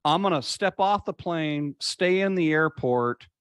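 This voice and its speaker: A man guest in an interview, telling a personal story in an earnest, reflective way and slowing down to stress key points. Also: fairly high pitch, lively intonation, fairly bright tone, smooth, no room sound, clean studio sound. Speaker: podcast guest.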